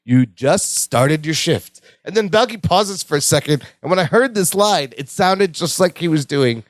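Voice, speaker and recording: A man co-hosting a podcast who talks in a fairly high voice that swoops up and down as he acts out quotes. The sound is dry and close, with no room around it. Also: moderate pace, dry recording. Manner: animated, acting out quoted lines. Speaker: podcast co-host. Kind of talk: casual chat recapping a sitcom episode.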